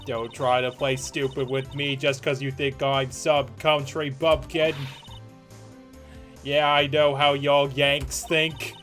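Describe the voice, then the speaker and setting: A man's voice: mid-range voice, little pitch movement, takes it slowly, fairly bright tone, soft background music. A man voicing a brash, prickly Southern woman photographer with a folksy drawl, reading a game aloud. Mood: defensive. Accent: Southern US drawl, put on.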